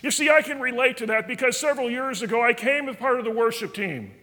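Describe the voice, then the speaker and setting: A man's voice: extremely high pitch, fast talker, pushed and bright. A man teaching a Bible study in a church, earnest and folksy, telling stories. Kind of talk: sermon. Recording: reverberant church hall.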